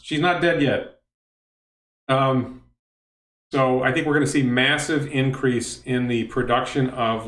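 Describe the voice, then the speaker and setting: A middle-aged man talks casually on a livestream in a mid-pitched voice, reading viewers' questions aloud and wandering off into asides. He often stops and restarts his sentences. The room around him sounds echoey. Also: fairly bright tone. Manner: rambling, self-interrupting, reads chat questions aloud. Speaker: livestream host. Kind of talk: casual livestream talk answering chat questions.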